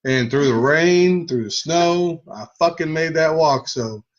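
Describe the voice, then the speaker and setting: A man's voice: on the high side, a little slow. A man from Texas hosting a cannabis channel, talking in an earnest, rambling way and swearing casually. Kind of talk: casual chat. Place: home video studio. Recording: slightly dull lo-fi sound.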